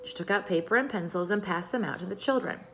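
A woman reading a children's storybook aloud in an expressive way. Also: on the low side, fast talker, a little hiss or hum. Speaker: reader.

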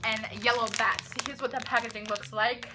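A woman's voice: fairly high pitch, fairly even intonation, moderate pace, noisy background. A young woman hosting a casual candy taste test, chatty and giggly, often exclaiming. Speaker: vlogger host.

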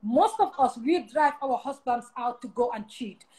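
A woman's voice: high voice, lively intonation, moderate pace, crowd noise, poor audio. A woman with a Gambian accent giving blunt, emphatic relationship advice in casual chat, slipping into local-language phrases. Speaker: advice giver.

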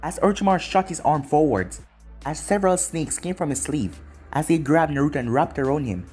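A man's voice: on the high side, animated, fairly quick, a little mellow, breathy edge, faint music behind. A man narrating a fan fiction story aloud in a plain storybook reading.

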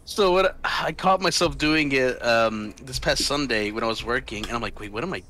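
A man's voice: mid-range voice, moderate pace, bright, forceful tone, a little hiss or hum. A young man from Texas chatting casually while gaming, hesitant and sheepish.

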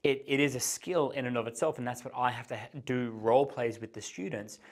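A man giving an instructional talk as a dating coach, explaining step by step and changing his pace and pitch to act out examples. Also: steady tone, a little fast.

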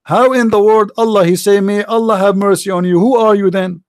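A man's voice: sits high, fairly even intonation, brisk, no room sound, clean studio sound. A man with an Arabic accent, a non-native English speaker, giving a sarcastic, incredulous monologue as he reads from a screen. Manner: sarcastic, incredulous, mimics sneezes. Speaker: online religious commentator. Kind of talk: mocking monologue reading from a screen.

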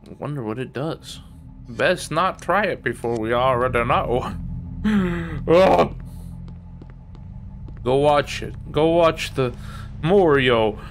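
A man's voice: medium pitch, expressive, slow, a little hiss or hum. A man streaming a game live, swearing freely as he plays and reading the game's text aloud. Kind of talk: live gameplay commentary.

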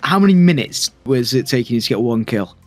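A man's voice: medium pitch, expressive, a little fast, faint music behind. A man co-hosting a quiz show, grilling contestants with mocking sarcasm. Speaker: co-host. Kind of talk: casual game-show banter.

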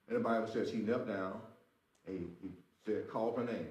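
A man's voice: on the low side, fairly quick, a little mellow. A man preaching a sermon as pastor, emphatic, repeating his phrases and speaking straight to the congregation. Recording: roomy echo.

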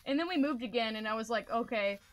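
A young woman streaming a game, talking casually in an excitable, rambling way and swearing often. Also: on the high side, quick pace. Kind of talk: casual gaming commentary.

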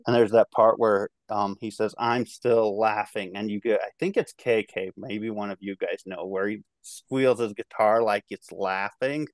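A man's voice: fairly low pitch, steady tone, measured pace, few pauses, no room sound. A man in his thirties with a twangy Midwestern American accent, rambling through a casual album review with lots of fillers and restarts. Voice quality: slight twang. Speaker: music podcast reviewer.

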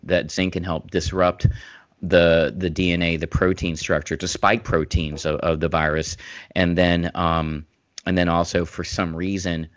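A low-voiced man co-hosting a podcast, talking in long winding runs full of restarts and growing emphatic as he makes his point. His voice sits deep, and the recording is dry and a little dull, as if through a remote mic. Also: dry recording. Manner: rambling, restarts, grows animated and emphatic. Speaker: podcast co-host, former physician. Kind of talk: casual podcast conversation.

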